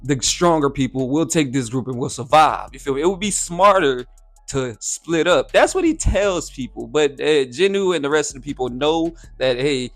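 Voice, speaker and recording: A man's voice: on the high side, expressive, moderate pace, a bit bright. A man giving a casual, slang-filled anime reaction and review, often asking "you feel me".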